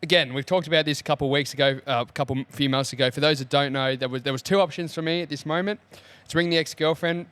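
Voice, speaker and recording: A man's voice: a little high, quick pace, few pauses, smooth, dry recording. A young Australian man casually telling a story on a podcast, acting out the conversations as he goes. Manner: animated storyteller, acts out dialogue. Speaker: co-host. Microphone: studio mic.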